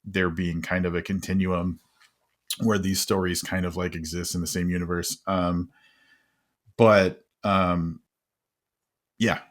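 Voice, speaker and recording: A man hosting a casual interview, enthusiastic and quick to laugh. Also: sits low, level tone. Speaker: podcast host.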